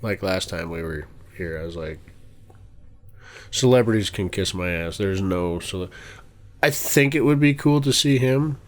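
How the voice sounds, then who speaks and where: A man co-hosting a podcast in casual, joking chat, sometimes dropping into low mumbles. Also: normal speed. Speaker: podcast co-host.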